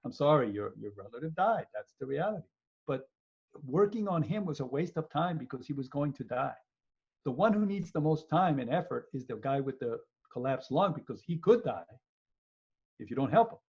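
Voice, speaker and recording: A man lectures over a video call with a husky, slightly raised voice. He is animated and joking, and he repeats himself as he acts out scenarios. The sound is somewhat muffled. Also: on the high side, moderate pace. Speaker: law professor. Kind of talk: lively webinar lecture. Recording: muffled webinar audio.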